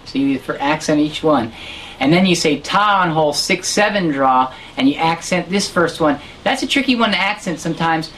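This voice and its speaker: Lower-voiced woman giving a harmonica lesson, counts beats out loud, patient, faint hiss behind. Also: expressive, normal speed. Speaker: harmonica teacher. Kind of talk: online music lesson.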